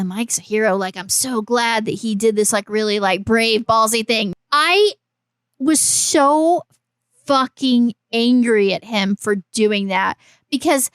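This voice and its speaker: Recorded dry and at studio quality, this woman's fairly high-pitched voice belongs to a horror podcast co-host. Her casual chatter is full of teasing, arguing and swearing.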